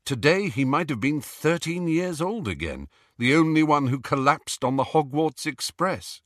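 A man reading a novel aloud in a measured, expressive storytelling manner. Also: fairly high pitch, dry recording, studio quality. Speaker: audiobook narrator. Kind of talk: scripted narration.

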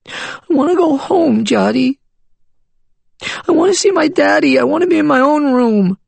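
A man's voice: animated, normal speed, vocal fry, no room sound, heavily acted. A man voicing a tearful six-year-old girl in a storybook. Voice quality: raised, pleading pitch. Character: upset little girl, six, stubborn and homesick.

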